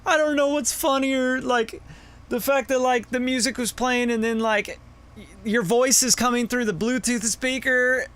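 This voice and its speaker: Quote bit: man doing a high, gushing young woman friend, amused. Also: steady tone, moderate pace, a bit bright, clean tone.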